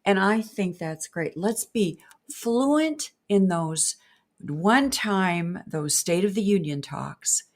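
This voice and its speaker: An older woman co-hosting a marriage podcast, speaking earnestly and warmly, often speeding up into quick asides. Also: mid-range voice, lively intonation. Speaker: co-host. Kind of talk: casual podcast chat.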